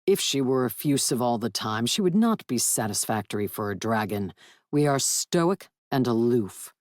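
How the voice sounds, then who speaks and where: A woman's voice: rumbling low, animated, moderate pace, a little mellow, dry recording, studio quality, voice pushed down. A woman voicing a stoic, aloof male dragon in human form who speaks formally and commandingly.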